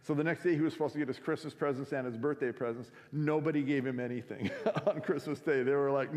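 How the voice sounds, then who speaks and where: A man tells a story to students in a relaxed, chatty way, full of fillers. His pitch sits at an average level. A long hall reverb surrounds his voice. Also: fast talker, few pauses. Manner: casual, conversational, many fillers. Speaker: week of prayer speaker. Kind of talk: sermon storytelling. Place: school chapel or auditorium. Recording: echoey hall.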